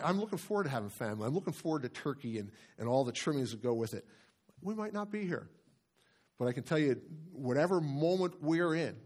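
A middle-aged man preaching a sermon in a church, repeating phrases and slowing down to stress key words. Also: mid-range voice. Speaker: pastor. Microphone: handheld or stand microphone.

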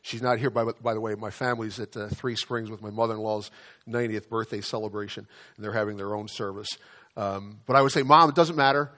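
A pastor delivers a sermon conversationally, often repeating words and slowing down to stress key phrases. His voice is lowish with a fairly bright tone but a flat delivery.

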